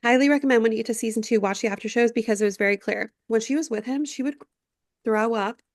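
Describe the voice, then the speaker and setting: A woman's voice: fairly high pitch, fast talker, no echo, studio quality. A woman in her thirties co-hosting a podcast, telling a story in casual chat, acting out quotes and swearing freely. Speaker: podcast co-host. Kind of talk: casual chat recapping a reality show.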